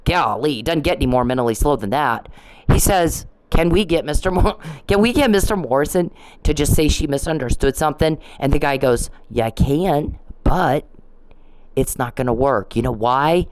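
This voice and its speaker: A woman's voice: sits low, animated, moderate pace, a little mellow, dry recording, low-quality recording. Furious ranting woman, dry sound. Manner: furious, profane, scolding; repeats and restarts when heated. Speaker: vlogger. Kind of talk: angry direct-address rant.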